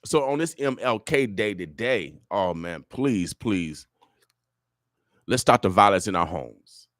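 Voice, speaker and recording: A man's voice: on the low side, expressive, a little slow, a bit bright, no room sound, studio quality. A man from Omaha hosting a morning radio show, preaching and motivating listeners in an emphatic, sermon-like way with repeated "oh yeah" refrains. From Omaha, Nebraska, USA. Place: radio studio.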